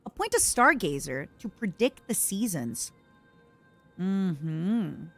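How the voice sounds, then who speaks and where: A woman's voice: fairly low pitch, takes it slowly, soft background music. A young woman streamer giving casual commentary over a strategy game, reading its text aloud while eating. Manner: eats and talks with mouth full, reads game text aloud; lively, playful asides.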